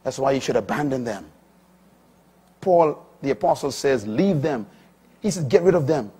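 A man in his sixties preaching a sermon, swinging from quiet, low stretches to loud, high, emphatic lines. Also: expressive, moderate pace, breathy edge. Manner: dramatic swings from quiet to loud, rising pitch on key lines. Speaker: pastor.

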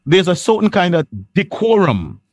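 A man's voice: high-pitched, very animated, moderate pace, darkish tone, no echo. A man hosting a panel discussion, insisting and repeating himself when cut off. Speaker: host.

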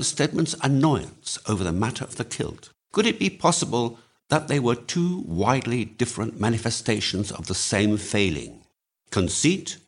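A man narrating a novel aloud with measured storytelling. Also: mid-range voice, breathy edge. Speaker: audiobook reader.

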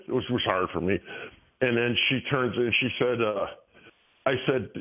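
A man's voice: medium pitch, brisk. A man in his sixties telling stories on a call-in talk show, with many restarts and fillers. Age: 60s. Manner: animated storytelling with frequent restarts. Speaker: guest. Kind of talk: casual interview talk. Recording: tinny phone-line audio.

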